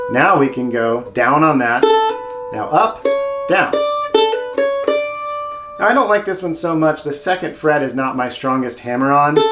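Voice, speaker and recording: A man teaching mandolin technique step by step, friendly and casual, with playful asides. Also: mid-range voice. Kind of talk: instructional video lesson. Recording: roomy sound with loud mandolin playing. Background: mandolin playing.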